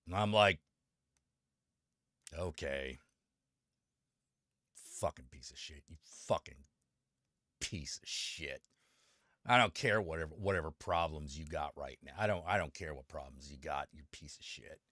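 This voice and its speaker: A man's voice: very deep voice, unhurried, pauses often, fairly bright tone, no echo, clean studio sound. A man live-streaming and chatting with viewers, ranting with a lot of swearing and greeting people by name. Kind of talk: casual live-stream chat.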